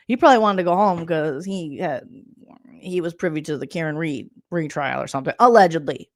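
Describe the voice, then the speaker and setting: A woman's voice: lowish voice, brisk. A woman comedian hosting a reality-TV recap vlog, talking sarcastically and breaking into mocking impressions.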